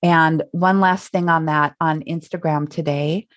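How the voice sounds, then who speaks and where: A deep, steady voice, a touch slow, belongs to this middle-aged Minnesotan who hosts a solo podcast. She talks casually and reflectively in her Minnesota accent, with fillers and small laughs along the way.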